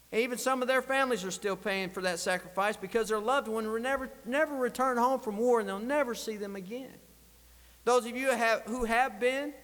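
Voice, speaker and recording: A man's voice: high voice, a bit bright. A man, a state legislator giving an earnest, emotional farewell speech in a legislative chamber. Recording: long reverb of a large chamber.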